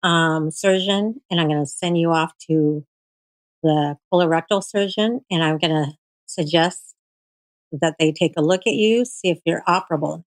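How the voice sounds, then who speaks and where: A woman guest recounting her cancer treatment in casual storytelling, animated and full of fillers, often quoting her doctors. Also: low-pitched, normal speed, dry recording, rough recording.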